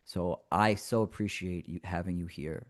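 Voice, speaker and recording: A man in emotional casual chat, affectionate, speaking slowly and sincerely. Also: sits low. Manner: warm-hearted, affectionate, slow and sincere.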